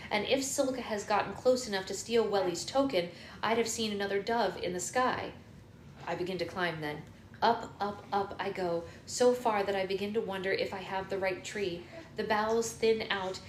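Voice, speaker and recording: A woman's voice: medium pitch, roomy sound, a little hiss or hum. A woman reading a novel aloud for a livestream book club, narrating steadily in the first person. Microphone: phone.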